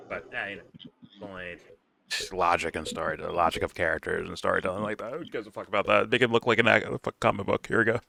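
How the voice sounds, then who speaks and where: A man's voice: deep voice, steady tone, fast talker, vocal fry, pushed and bright. A man hosting a reaction video, talking casually and animatedly with lots of swearing and mocking imitations of others. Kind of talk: casual profane reaction commentary.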